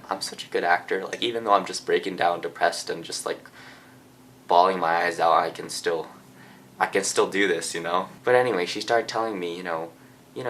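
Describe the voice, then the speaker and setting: A man's voice: low-pitched, steady tone, fairly quick, a little hiss or hum. A teenage man from Japan telling a personal story in a rambling, casual way indoors, full of fillers and restarts. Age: teens. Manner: rambling, lots of filler and restarts, soft-spoken. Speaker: vlogger.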